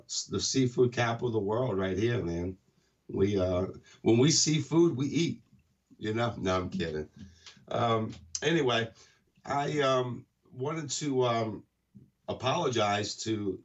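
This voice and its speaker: A man from Louisiana with a Cajun accent, chatting loudly and jokingly over an internet call on a radio show. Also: on the low side, far from the mic, muffled recording. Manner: loud, joking, rambling storyteller. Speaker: guest co-host on a call. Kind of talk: casual radio chat.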